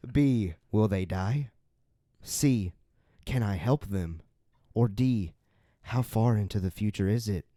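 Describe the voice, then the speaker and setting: A man co-hosting a casual podcast chat, reading out trivia questions slowly and deliberately. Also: fairly low pitch, mellow, no echo, clean studio sound. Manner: reads quiz questions in a slow, drawn-out way.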